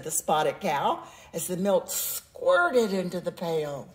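Slow, expressive, and sing-song, a woman's mid-range voice carries a children's picture book read aloud in storytelling fashion.

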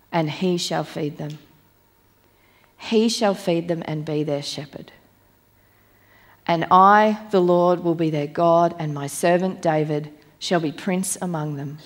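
A woman preacher giving a sermon, reading scripture aloud in a measured, emphatic way and slowing down on key phrases. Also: lowish voice. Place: church.

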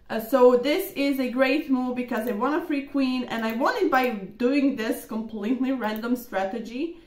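A young woman reviewing her own chess games in a chatty, excitable way, with lots of fillers. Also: fairly high pitch. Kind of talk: casual game review commentary. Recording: echoey room.

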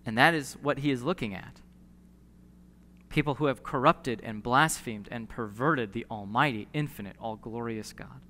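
Bright-voiced pastor preaching in a reverberant hall. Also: male voice, mid-range voice, slight background noise. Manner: earnest preaching with emphatic pauses and repeated phrases. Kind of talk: sermon. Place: church sanctuary. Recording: long church hall reverb.

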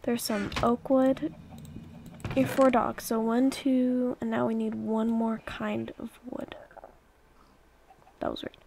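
A woman's voice: on the high side, level tone, slow pace, creaky, pauses often, darkish tone, slight background noise. A young woman chatting and rambling through her gameplay commentary, exclaiming and coaxing her pets along. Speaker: let's play YouTuber.

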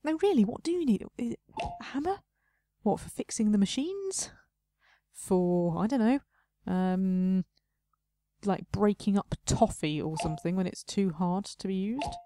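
A young woman chats her way through a game, muttering to herself and poking fun at her own mistakes. Her voice is mellow and soft-edged, recorded close and dry with no room sound. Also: mid-range voice, lively intonation, a little slow, no room sound. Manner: chatty, self-mocking, talks to herself while playing. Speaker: let's play host. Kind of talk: casual gameplay commentary.

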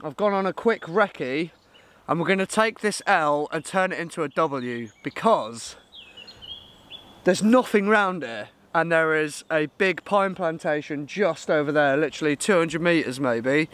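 A man's voice: fairly high pitch, lively intonation, measured pace, a bit bright, smooth. A man talking casually to camera outdoors, by a river and in woods, chatty and laughing often at himself. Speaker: outdoor vlogger.

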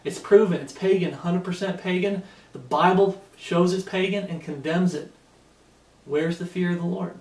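A man's voice: high-pitched, steady tone, moderate pace, darkish tone. A man giving an emphatic sermon-style Bible teaching, often checking in with "okay?". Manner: emphatic, repeatedly asking "Okay?". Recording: echoey room, mic set far off.

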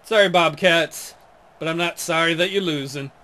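A man's voice: on the high side, moderate pace, bright, forceful tone. A man giving casual, jokey commentary over a football video game, often laughing.

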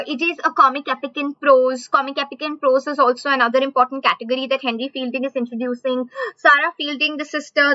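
Indian English woman, high bright voice, live online teacher who drills questions; dry, dull lo-fi sound. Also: dry recording. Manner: repeats questions slowly, drawn-out emphasis. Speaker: online exam-prep teacher.

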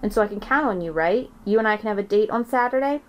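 A woman's voice: medium pitch, animated, fast talker, natural voice. A woman voicing a jolly grandfather in a storybook who coaxes his granddaughter in a playful way. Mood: coaxing. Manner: playful, coaxing.

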